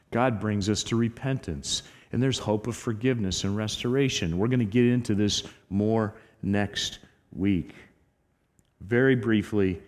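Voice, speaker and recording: Man, pastor, sermon, emphatic, loud then hushed, church hall with long echo. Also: fairly low pitch. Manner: emphatic, swings between loud exhortation and hushed earnestness. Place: church sanctuary.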